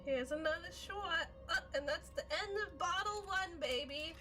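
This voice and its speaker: A tipsy woman streaming a game, reacting loudly with swearing and laughter. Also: very high-pitched, normal speed, slight background noise. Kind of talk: live gaming stream with drinking game.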